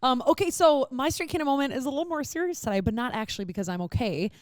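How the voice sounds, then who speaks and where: A woman's voice: sits high, lively intonation, racing, dry recording, studio quality. A young woman in her twenties co-hosting a podcast in casual chat, telling a story with swearing and acted-out reactions. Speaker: podcast co-host.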